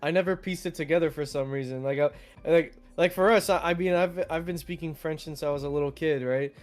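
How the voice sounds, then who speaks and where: Man, casual gamer chat, raised pitch, rambling storyteller, light game music behind. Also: steady tone, fairly quick. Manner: rambling storyteller, laughs often. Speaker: gaming streamer co-host. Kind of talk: casual chat while gaming.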